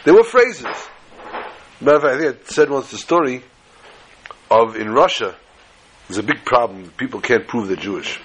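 A man's voice: mid-range voice, brisk, long pauses, fairly bright tone, slight background noise, rough recording. A man telling a folk tale in a chatty, digressive way, sprinkling in Yiddish phrases and asides. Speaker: storyteller. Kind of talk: folksy storytelling with Yiddish phrases.

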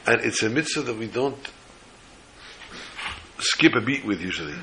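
A man's voice: fairly low pitch, normal speed, a little hiss or hum, rough recording. A man telling a religious story as a sermon, acting out the characters' voices with feeling. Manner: animated storyteller voicing characters.

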